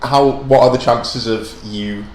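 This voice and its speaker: A man's voice: medium pitch, steady tone, measured pace, darkish tone. A man musing thoughtfully in a casual chat, trailing off into tag questions. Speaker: podcast guest. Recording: roomy echo with faint background noise.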